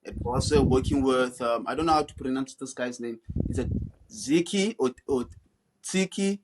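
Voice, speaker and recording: A man co-hosting a casual football podcast, relaxed and slangy, often halting mid-thought. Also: mid-range voice, noisy background. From South Africa. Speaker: podcast co-host.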